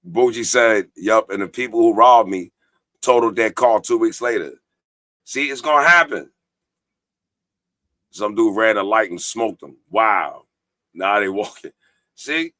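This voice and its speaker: A man hosts a live stream and preaches hard about choice and consequence, swearing freely. His voice is bright and forceful. The sound is dry and close to the mic. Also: fairly low pitch, a little slow, pauses often, no echo. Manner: preachy, profane, reads viewer comments aloud. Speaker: podcast host. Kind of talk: casual live-stream talk.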